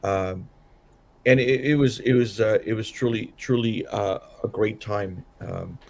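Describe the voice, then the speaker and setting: A man's voice: lowish voice, fairly even intonation, a little slow, gravelly, darkish tone. A man co-hosting a political podcast, tired after a late night, talking in a loose, rambling way with many restarts and fillers. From Southern California. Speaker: podcast co-host. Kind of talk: casual political chat.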